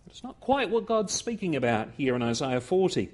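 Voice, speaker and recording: A man delivers a sermon in a fairly high voice. He speaks earnestly, often repeating phrases and pushing harder as his points build. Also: very animated, a little fast, darkish tone. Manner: earnest, repeats words, rising emphasis. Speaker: preacher.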